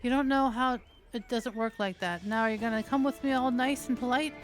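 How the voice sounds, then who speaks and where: A woman voicing a rough, menacing young male gang leader in a put-on accent, reading a story game aloud. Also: a little high, a little fast, soft background music, natural voice. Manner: swaggering threats.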